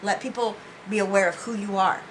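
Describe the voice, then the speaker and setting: A woman's voice: mid-range voice, fairly even intonation, brisk, slight background noise, poor audio. A woman giving a spiritual tarot reading, speaking in an earnest, heartfelt way with many restarts. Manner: earnest, heartfelt, often says "you know". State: emotional, near tears. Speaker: tarot reader.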